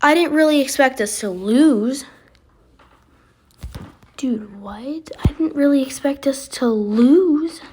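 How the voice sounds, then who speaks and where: A woman giving casual, excitable commentary while playing a basketball video game, reacting aloud as she goes. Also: high-pitched, a little slow, few pauses. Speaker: gaming video creator.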